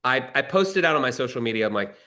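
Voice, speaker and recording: A middle-aged man tells a story in a casual interview. His voice is bright and forceful, and he acts out each quoted line with real energy. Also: mid-range voice, fast talker. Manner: animated storyteller, acts out quoted dialogue in a raised voice. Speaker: screenwriter and actor, guest.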